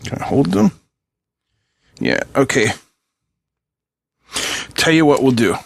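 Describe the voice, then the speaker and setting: A man chatting his way through a hands-on electronics tutorial, cracking dry jokes and teasing asides to the viewers as he works. He talks at an average pitch in a relaxed, conversational way, as if the audience is sitting beside him at the workbench. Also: slow, vocal fry, breathy edge. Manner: joking, chatty asides while working. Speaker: electronics channel host.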